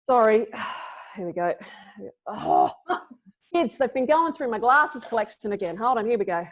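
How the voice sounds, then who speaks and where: A woman's voice: on the high side, animated, normal speed. A woman from Scotland giving a playful, casual online talk as a clown presenter, full of dad jokes. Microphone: video call. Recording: lo-fi video call audio.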